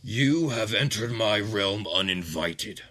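A man's voice: on the low side, lively intonation, pushed and bright, heavily acted. A man doing a cold, imperious demon lord. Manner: slow, grave, imperious delivery. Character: towering ancient male demon lord, cold and commanding.

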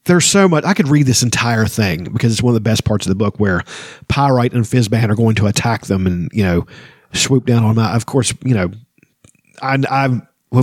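A man's voice: mid-range voice, darkish tone, no echo, clean studio sound. A man hosting a casual book podcast, reading passages aloud and rambling between them with frequent ums and you-knows. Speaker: book discussion podcast host.

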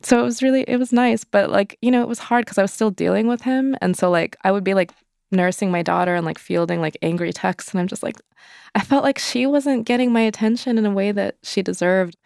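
A woman's voice: medium pitch, fairly even intonation, a little fast, creaky, a little mellow, clean tone, dry recording, clean studio sound. A young woman telling a personal story in an interview, candid and loose, full of "like" fillers. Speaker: interview guest.

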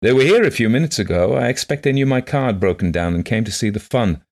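A man's voice: mid-range voice, animated, fast, darkish tone, pitched above the performer's own voice, natural voice. A man reading the lines of a courteous, lightly wry English motorist in a story.

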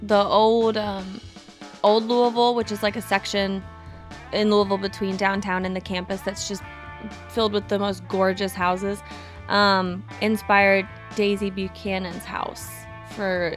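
A woman's voice: medium pitch, little pitch movement, unhurried, soft background music. A woman from Kentucky hosting a casual podcast chat, joking and laughing often. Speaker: podcast host.

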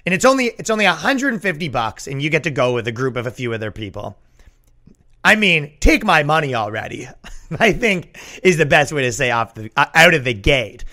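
A man hosting a comedy podcast, riffing sarcastically and jumping up in pitch for mocking asides. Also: big pitch swings, fairly quick, pushed and bright. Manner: sarcastic, jumps in pitch for mock quotes.

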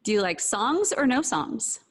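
A woman hosting a podcast interview, asking brisk quiz-style questions and laughing often. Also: fairly high pitch, very animated. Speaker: podcast host. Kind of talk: casual interview.

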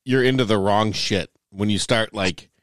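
A man's voice: on the low side, moderate pace, a bit bright, no echo. Joking middle-aged man, dry sound. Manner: joking, rambling, laughs often. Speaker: podcast co-host. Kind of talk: casual chat.

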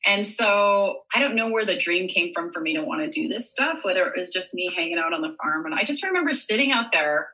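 A woman's voice: lowish voice, lively intonation, brisk, few pauses, pushed and bright, low-quality recording. A woman from Canada, a guest in a casual chat, talking freely with fillers and easy laughs. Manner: chatty, laughs easily, lots of fillers.

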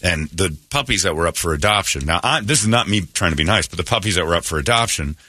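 A man's voice: low voice, lively intonation, fast talker, sharp tone, slightly rough. A man hosting a morning radio show, telling a rambling, self-amused story and acting out the quotes in exaggerated voices.

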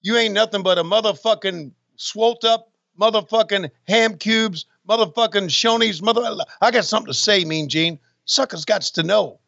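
A man's voice: high voice, moderate pace, gravelly, hardly any pauses, pushed and bright, no echo, dull audio, voice pushed up, exaggerated voice. A man putting on the voice of a cocky male wrestler trash-talking his rivals with profane bravado. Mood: boastful.

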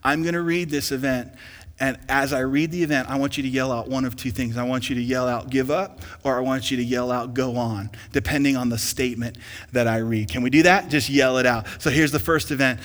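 A male pastor preaching a sermon who swings from hushed to loud and calls for responses from the congregation. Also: medium pitch, steady tone, fairly quick, long reverb tail.

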